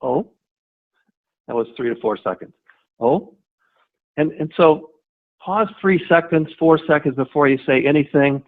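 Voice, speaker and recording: A man's voice: on the high side, normal speed. A man leading a sales training webinar, talking conversationally, repeating himself and restarting, and acting out short replies. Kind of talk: webinar presentation. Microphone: webinar audio line. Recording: tinny phone-line audio.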